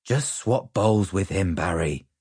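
A man's voice: low-pitched, lively intonation, slow, darkish tone, husky, no echo, clean studio sound, full character voice. A man doing an easygoing dad. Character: weary cheerful British dad, middle-aged.

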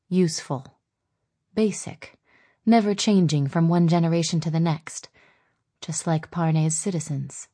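A woman narrates a novel as an audiobook reader, telling the story in a measured way from a script. Her voice is fairly low and a little mellow.

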